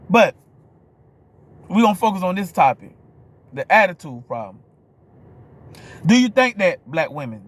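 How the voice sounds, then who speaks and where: Vlogger, male, New Orleans accent, slightly higher voice, blunt and profane camera rant. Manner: blunt, profane, keeps asking "you hear me?". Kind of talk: ranting monologue to camera.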